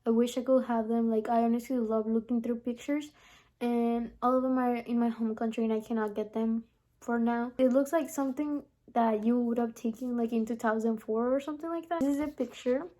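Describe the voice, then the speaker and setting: Young woman vlogging, rambly casual chat, kinda high voice but mellow, says "like" a lot. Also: fairly even intonation, brisk. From from abroad, lives in the US. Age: young adult. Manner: chatty, rambling, lots of "like" and "honestly". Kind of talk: casual vlog chat to camera.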